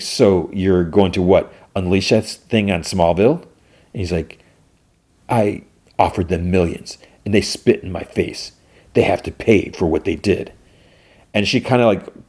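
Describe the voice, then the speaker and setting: A man's voice: low-pitched, darkish tone. A man hosting a podcast, casually retelling a TV episode scene by scene and quoting the characters as he goes. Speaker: podcast host. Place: home.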